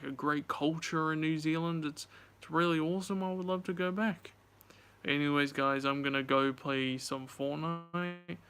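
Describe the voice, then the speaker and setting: Chatty young man with a bright voice. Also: on the high side, clean tone. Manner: chatty, swears, retells dialogue animatedly. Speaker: vlogger. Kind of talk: casual storytelling to camera.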